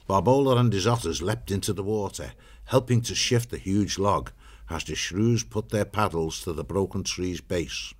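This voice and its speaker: A man narrating a storybook in a steady, measured way. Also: deep voice.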